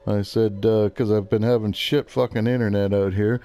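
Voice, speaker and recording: A man's voice: lowish voice, fairly even intonation, normal speed, few pauses, dark tone, smooth, soft background music. A man ranting in a casual chat while gaming, swearing constantly and retelling an argument line by line.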